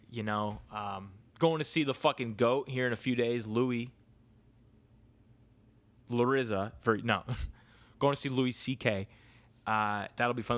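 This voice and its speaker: A man's voice: medium pitch, fairly bright tone. A young man hosting a solo podcast, talking in a crude, rambling, casual way and swearing often. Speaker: podcast host.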